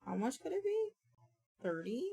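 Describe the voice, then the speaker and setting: A woman's voice: sits high, sing-song, moderate pace, gravelly, warm tone, husky. A woman streamer chatting casually and thinking aloud, often mumbling to herself at a desk microphone. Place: home streaming setup.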